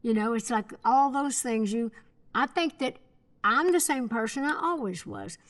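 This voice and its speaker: A woman speaking in a relaxed interview, reflective and easygoing with a small laugh. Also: on the high side, normal speed. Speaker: interviewed singer.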